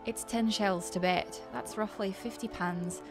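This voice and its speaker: Game bookie: woman putting on a drawling Deep South hustler, furry and sly, wheedling patter, music under. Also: fairly even intonation, unhurried, natural voice. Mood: sly, folksy. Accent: attempted American Deep South drawl. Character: sly folksy male bookie, a furry Orlan.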